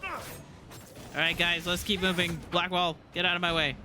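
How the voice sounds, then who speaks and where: American male streamer, slightly high voice, casual chatty gameplay commentary, quick to laugh. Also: flat delivery, pushed and bright, a little hiss or hum. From United States. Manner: laughs often, frequent exclamations.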